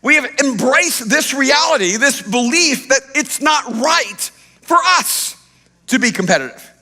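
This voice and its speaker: A middle-aged man preaching a sermon as pastor, telling a self-deprecating story in an animated way. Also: extremely high pitch, measured pace. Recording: long hall reverb.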